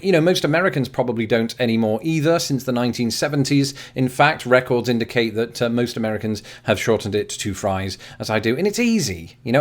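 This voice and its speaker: An English man in his thirties hosting a scripted comic explainer, animated and wry with jokey asides. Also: mid-range voice. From England. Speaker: YouTube host.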